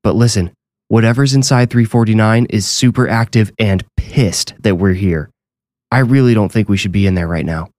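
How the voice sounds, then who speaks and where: A man's voice: lowish voice, normal speed, darkish tone, no echo, pitched above the performer's own voice, lightly acted. A man voicing an anxious young male ghost hunter in a horror story, talking nervously and urgently. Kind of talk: audiobook horror reading.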